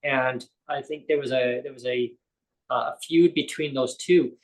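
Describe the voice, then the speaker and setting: A man's voice: medium pitch, steady tone, unhurried, rough recording. A man, a guest on a live interview show, tells a personal story in a rambling way, often correcting himself and acting out quoted dialogue.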